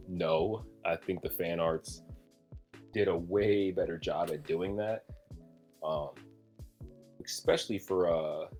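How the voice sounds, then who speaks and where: A man's voice: low-pitched, a little mellow. A man co-hosting a podcast in a casual chat, talking enthusiastically and rambling with fillers. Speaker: podcast co-host.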